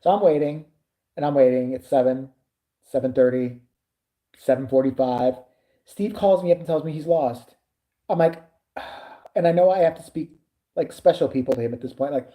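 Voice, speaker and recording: Low, dark-voiced woman ranting. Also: moderate pace, pauses often. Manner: profane, exasperated, acts out quoted dialogue. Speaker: vlogger. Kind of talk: casual storytelling rant.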